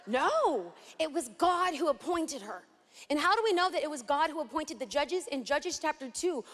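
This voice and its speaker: A high-pitched woman from East Los Angeles delivers a sermon with theatrical flair, acting out little scenes as she teaches. Her voice rings with a long reverb from a large hall. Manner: dramatic and animated, acts out scenes. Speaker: Bible teacher.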